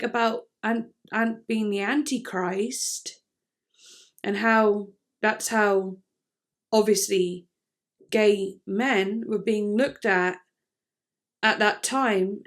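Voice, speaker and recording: Chatty, candid woman reacting to music. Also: medium pitch. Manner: candid and expressive, swears freely, thinks aloud with many fillers. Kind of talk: casual reaction commentary.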